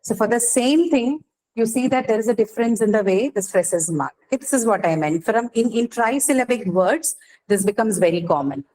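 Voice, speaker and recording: A woman's voice: fairly high pitch, lively intonation, brisk, warm tone, rough recording. A woman teaching an English class, explaining patiently and often checking that students follow. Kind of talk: classroom lecture.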